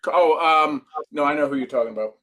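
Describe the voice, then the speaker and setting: A man as a podcast guest, a brain trainer, explaining ideas and telling stories with lively acted-out quotes. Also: on the high side, brisk. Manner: animated storyteller, acts out quotes. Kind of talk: podcast interview.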